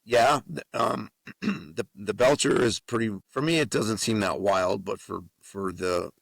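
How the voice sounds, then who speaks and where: A man from New Mexico, a guest author and musician, telling an animated story on a podcast with a lot of swearing. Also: fairly low pitch, a little slow, creaky, slightly rough, dry recording. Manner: animated storyteller with frequent profanity. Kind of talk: casual storytelling.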